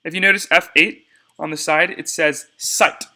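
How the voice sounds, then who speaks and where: A man's voice: on the high side, fairly even intonation, normal speed, sharp tone. A young man giving a casual step-by-step screencast tutorial on cutting debate cards, talking to viewers as y'all.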